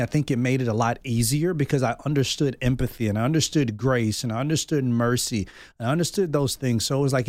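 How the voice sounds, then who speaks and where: A man in his thirties, heard as a guest in a candid, personal conversation. He talks openly and reflectively, working out his thoughts aloud at a middle pitch. The sound is dry and close, with no room around it. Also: darkish tone, dry recording. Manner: open, reflective, thinks aloud. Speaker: podcast guest.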